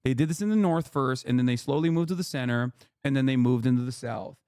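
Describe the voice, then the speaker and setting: A man's voice: medium pitch, quick pace, dark tone, clear, resonant tone. A man hosting a live stream, giving heated, casual political commentary with frequent swearing and emphatic outbursts. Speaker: streamer host.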